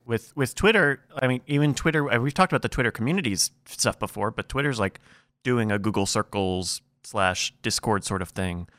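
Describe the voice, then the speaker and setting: A man on a casual podcast, musing on online communities and cracking deadpan jokes. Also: medium pitch, no echo, clean studio sound. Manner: wry, teasing, quick deadpan jokes. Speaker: podcast co-host.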